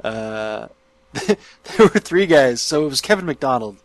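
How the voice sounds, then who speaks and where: A man's voice: mid-range voice, big pitch swings, unhurried, no echo. A man co-hosting a casual chat, hesitant and searching for words. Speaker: podcast co-host.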